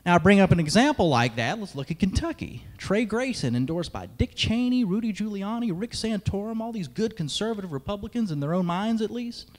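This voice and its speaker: A man's voice: high-pitched, sing-song, fairly quick, hardly any pauses. A young man giving an emphatic political speech at a conference, with sarcastic asides. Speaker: conference speaker, radio host. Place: large hall. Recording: long hall reverb.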